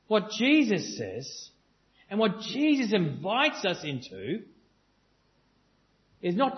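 A man's voice: high voice, huge pitch swings, slow pace, long pauses. A man preaching a sermon to a congregation, earnest and emphatic, repeating his phrases and joking with the crowd. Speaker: pastor. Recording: dull lo-fi sound.

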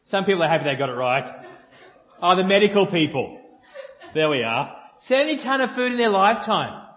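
A man with a high voice preaches to a live congregation, pressing his points through repetition and breaking into playful back-and-forth with the room. The recording sounds dull and lo-fi. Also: very animated, a little fast. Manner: earnest and emphatic, repeats phrases, jokes with the audience. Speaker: pastor.

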